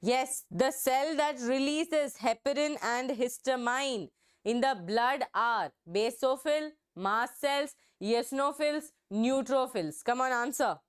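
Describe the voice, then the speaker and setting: Woman, online biology tutor, high and smooth voice, coaxing and repetitive. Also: slow pace. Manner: coaxing, repeats key words to stress them. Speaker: online exam-prep teacher. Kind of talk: live online biology class.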